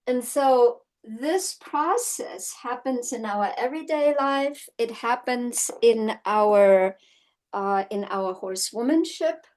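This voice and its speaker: A woman's voice: on the high side, takes it slowly, darkish tone, rough recording. A woman from Germany teaching a horsemanship course, mixing personal stories into the lesson and often checking in with "right?". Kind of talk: teaching session with personal storytelling.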